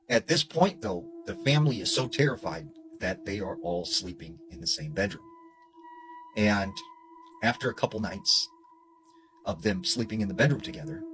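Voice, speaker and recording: A man telling a spooky story, acting out the characters' shouted lines. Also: lowish voice, poor audio. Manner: animated, shouts quoted lines. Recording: music playing behind.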